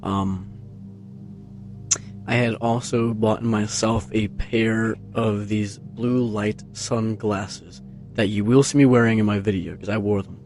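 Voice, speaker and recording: A man with a slightly low voice rambles casually into a tabletop microphone in a carpeted room at home. He drifts along with plenty of fillers and restarts, and soft music plays faintly behind him. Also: steady tone, slow pace. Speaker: vlogger. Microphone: tabletop USB microphone, close, with headphones on.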